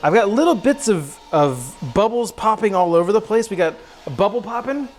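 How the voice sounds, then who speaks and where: A man's voice: sits high, animated, normal speed. A young man hosting a casual cooking livestream, talking while he cooks at the stove, goofy and self-mocking, calling viewers bro and dude.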